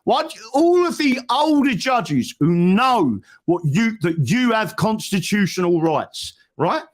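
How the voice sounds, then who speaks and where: A man's voice: high voice, big pitch swings, unhurried. A man telling a story in a casual, emphatic chat and often tagging "right?". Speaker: guest.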